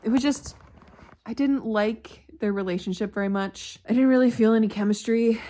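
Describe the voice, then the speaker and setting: A young woman talking casually at home in a reading vlog, candid and quick to swear and laugh. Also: on the high side, mellow. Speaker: book vlogger.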